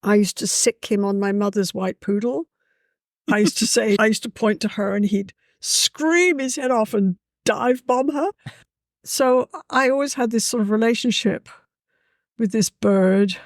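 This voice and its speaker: Her voice sits fairly high and moves at a measured pace as this English guest chats through her stories, warm and lively, peppering them with "you know." It's a studio-quality recording with no echo.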